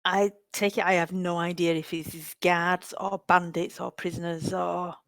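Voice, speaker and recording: A woman's voice: lowish voice, level tone, normal speed, dry recording. A woman playing in an online tabletop game, making wry, amused remarks. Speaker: player. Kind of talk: casual chat over a tabletop game.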